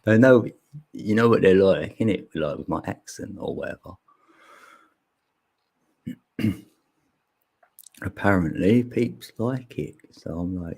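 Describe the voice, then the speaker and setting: A man hosts a live stream in loose, slangy chat, laughing easily. His low voice is gravelly and husky, and he takes his time. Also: slow pace, pauses often, a little mellow. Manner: laid-back, laughs often, chatty slang. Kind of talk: casual chat. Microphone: phone.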